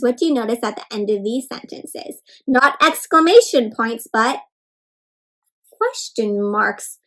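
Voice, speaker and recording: Animated woman reading a children's story. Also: high voice, rough recording. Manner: animated, gasping, addressing young listeners. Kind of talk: interactive children's read-aloud.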